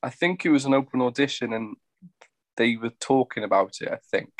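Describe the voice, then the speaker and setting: A man's voice: medium pitch, brisk, dry recording. A man guesting on a podcast, laid-back and hesitant in casual chat. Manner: laid-back, hesitant, many "um"s and "I don't know"s.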